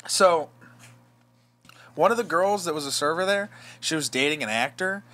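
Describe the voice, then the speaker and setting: Guy on a podcast, bright voice, kinda high, rambling and cursing a lot. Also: moderate pace. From Los Angeles area. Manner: swears a lot, rambling, self-mocking. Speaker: podcast host. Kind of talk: casual storytelling chat.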